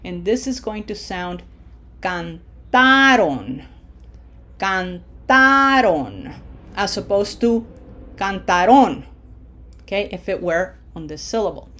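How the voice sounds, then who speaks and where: A woman teaching a recorded online language lesson. She explains rules patiently, checks in with the listener by asking "okay?" often, and slows down to stress example words when she models pronunciation. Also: medium pitch, darkish tone. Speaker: Spanish teacher.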